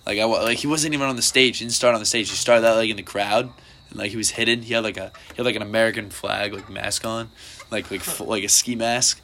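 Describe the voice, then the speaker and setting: A man's voice: lowish voice, steady tone, fast, bright, forceful tone, slight background noise. A young man, chatting casually on a podcast and rambling with lots of filler words and swearing. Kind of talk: casual chat.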